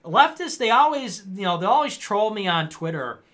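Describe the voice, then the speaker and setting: A man's voice: sits high, big pitch swings, normal speed, a bit bright. A man hosting a livestream, reading viewer comments aloud and answering them in a sarcastic, mocking way. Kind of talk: casual political commentary.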